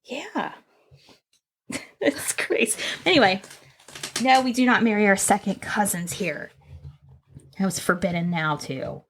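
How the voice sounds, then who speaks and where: A woman's voice: medium pitch, expressive, a little slow, long pauses, fairly bright tone. A woman co-hosting a podcast in casual chat, laughing often and drifting onto tangents. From Northern Kentucky. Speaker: podcast co-host. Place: indoors, seated on a squeaky chair.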